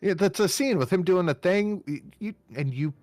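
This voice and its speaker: A man's voice: high voice, normal speed, a little mellow, dry recording, soft background music. A man co-hosting a podcast, blunt and crude in casual banter. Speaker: podcast co-host. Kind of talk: casual chat on a livestream podcast.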